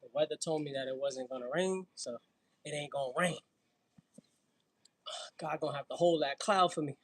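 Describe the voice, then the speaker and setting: Husky Brooklyn guy chatting mid-workout. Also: a little high, moderate pace, rough recording. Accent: New York. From Brooklyn, New York. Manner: slangy, laughing, chatty between sets. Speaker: fitness livestream host. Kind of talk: casual livestream chat while working out.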